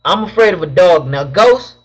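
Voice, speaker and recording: Streaming casually from home, this high-voiced Southern Californian young man reads out chat questions and tosses back slangy, loose replies. His voice is husky, his intonation lively and his pace moderate, all caught on a dull, lo-fi webcam mic.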